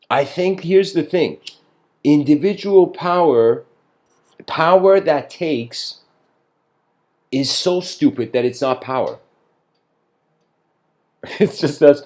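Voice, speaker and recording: A man's voice: fairly high pitch, animated, slow pace, long pauses, darkish tone. A man talks through big ideas in a casual, meandering monologue. He stumbles over his words, restarts sentences and breaks into laughter between thoughts. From Iran. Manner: rambling, lots of fillers and restarts, laughs often. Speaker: speaker giving a philosophical talk.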